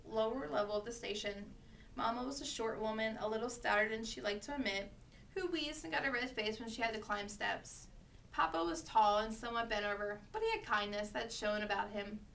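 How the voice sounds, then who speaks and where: Bright-voiced woman reading a storybook. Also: on the high side, creaky, far from the mic, slight background noise. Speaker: reader.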